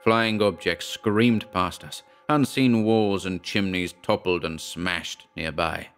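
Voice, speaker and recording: A man narrating a horror story in the first person, measured and dramatic. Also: deep voice, a bit bright, smooth, soft background music. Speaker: audiobook narrator.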